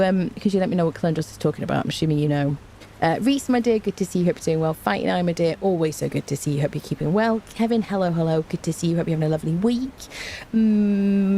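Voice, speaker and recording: A woman's voice: on the low side, warm tone, a little hiss or hum. A woman with a cold, chatting playfully with her live-stream viewers and greeting them by name from home. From Britain. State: has a cold. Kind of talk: casual live-stream chat. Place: indoors at home.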